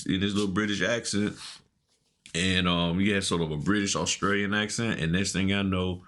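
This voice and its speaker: Deep-voiced laid-back man telling stories. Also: fairly even intonation, normal speed, a bit bright. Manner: laid-back, laughing, slangy storyteller. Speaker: podcast co-host. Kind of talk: casual storytelling chat.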